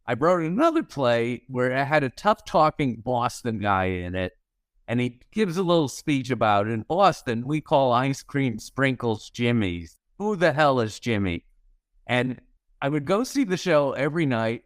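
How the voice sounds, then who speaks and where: Speaking at a moderate pace with an expressive, medium-pitched voice, a sixty-something comedy writer shares wry anecdotes in a podcast interview. He performs the lines of the characters in his tales. The studio recording is clean, without echo.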